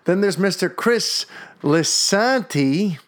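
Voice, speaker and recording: New guy running a podcast, swears a lot, rambles, voice on the higher side. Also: expressive, slow. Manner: profane, rambling, enthusiastic. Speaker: podcast host. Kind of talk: casual podcast chat.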